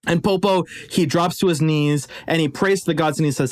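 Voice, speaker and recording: A man's voice: fairly high pitch, brisk, few pauses. A man retelling a legend in a casual, conversational way with jokey asides. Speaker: storyteller. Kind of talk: casual storytelling.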